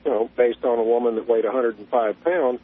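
A man calling in to a radio show, telling a story in a folksy, unhurried way. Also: mid-range voice, steady tone, husky. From Southern US. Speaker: caller. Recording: tinny phone line.

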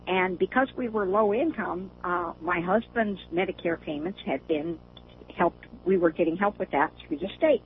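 A woman's voice: fairly low pitch, normal speed. An older woman calling in to a show, chatting casually and laughing often as she talks. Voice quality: laughs often while talking. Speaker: caller. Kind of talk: casual phone chat. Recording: tinny phone line with faint hiss.

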